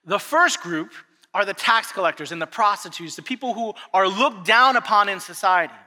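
A man in his thirties delivers a sermon, his high voice swinging up and down as he tells a story. His tone is very bright and sharp. Long reverb from a large church hall trails each phrase. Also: moderate pace. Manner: animated storytelling, acting out family dialogue. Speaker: pastor.

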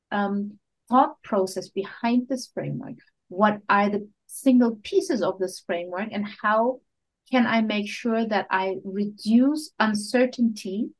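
A woman's voice: mid-range voice, a little mellow, rough recording. A woman guest on a podcast interview, a product management coach, explaining ideas step by step with fillers, restarts and frequent laughter, sometimes searching for English words. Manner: laughs often while talking.

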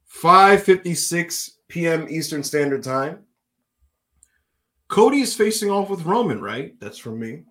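A man hosting a wrestling podcast, telling a story in casual chat, animated and swearing, his voice climbing high and loud when he gets excited. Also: a little slow. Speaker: podcast host.

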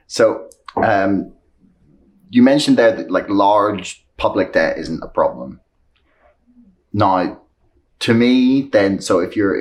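A man interviewing a guest, asking questions in a relaxed, casual way. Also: low voice.

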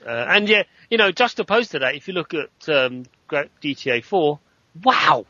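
A man with a bright, forceful voice talks emphatically in a relaxed podcast chat. The sound is dry and a little dull. He sits slightly above the other men in pitch. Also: moderate pace, dry recording. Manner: animated, emphatic complaining. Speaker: podcast panelist. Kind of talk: casual chat.

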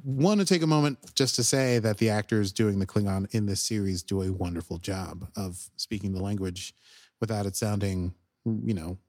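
A young man co-hosting a podcast, excitedly recapping an episode in casual chat and acting out the characters' lines. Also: fairly low pitch, normal speed. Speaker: podcast co-host.

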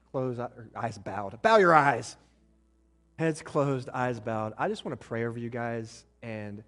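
A man preaching a sermon in a blunt, conversational way, with joking asides to the congregation. His voice sits at a middle pitch for a man. He acts out short lines of what spouses might say. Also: darkish tone. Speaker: pastor.

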